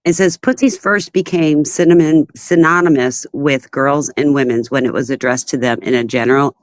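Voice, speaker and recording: A woman co-hosting a casual livestream who talks in a steady, plain way and reads a passage aloud. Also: very deep voice, normal speed, no room sound.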